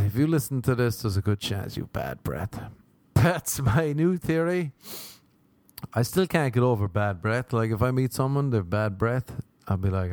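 A man's voice: lively intonation, normal speed, darkish tone, no room sound. Rambling, profane Irish man. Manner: rambling, profane, self-mocking, with sudden jumps in pitch. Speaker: podcast host. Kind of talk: solo comedic monologue. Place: Los Angeles.

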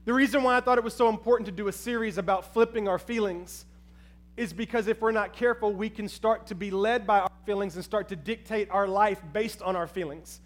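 High-pitched guy preaching, animated storytelling, says y'all to the crowd. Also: brisk. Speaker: pastor. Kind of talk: sermon with personal story.

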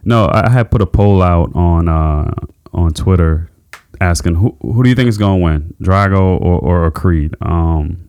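A man co-hosting a casual podcast chat, making brief, measured remarks. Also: low voice, darkish tone, smooth, no room sound. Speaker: podcast co-host.

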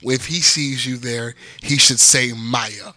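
A man's voice: medium pitch, steady tone, slow pace, pushed and bright, dry recording. A man hosting a podcast, teasing his co-hosts and arguing his point. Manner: teasing, arguing points, calls people brother. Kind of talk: casual podcast banter.

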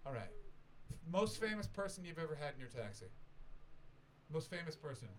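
Man rambling comic storyteller, higher voice. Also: big pitch swings, normal speed, slight background noise. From not from Scotland. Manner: rambling, profane, bursts into loud shouted impressions. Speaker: comedian telling a story. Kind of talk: stand-up storytelling to a recorded audience.

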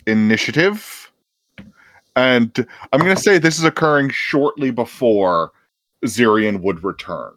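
A man's voice: mid-range voice, lively intonation, unhurried, fairly bright tone, dry recording. A man acting as game master, narrating a tabletop game in a laid-back way and chuckling often.

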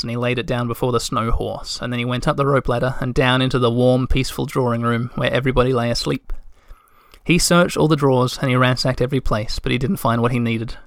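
A man narrating a storybook in a calm, measured way. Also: mid-range voice, no room sound, studio quality. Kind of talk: audiobook narration.

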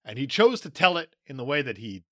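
A man's voice: medium pitch, sing-song, a little fast, pushed and bright, no room sound, studio quality. A man co-hosting a podcast, chatting casually about movies with strong opinions and frequent laughter. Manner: opinionated, emphatic, laughs often. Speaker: podcast co-host.

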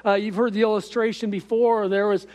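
Pastor, male, high voice, halting delivery full of fillers, recorded in an echoey hall. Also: level tone, darkish tone. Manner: halting, with many fillers and repeated phrases. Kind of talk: sermon.

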